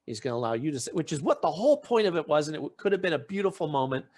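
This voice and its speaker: This podcast host has a slightly high, darkish voice that races along with big swings in pitch. Chatting casually, he recounts a story, performs the quoted lines, and keeps starting his sentences over.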